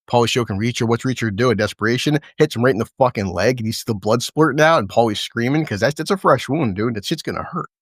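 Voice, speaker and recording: A man hosting a casual recap chat, excitedly narrating fight scenes play-by-play with lots of swearing and laughter. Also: mid-range voice, dry recording, clean studio sound. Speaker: show host.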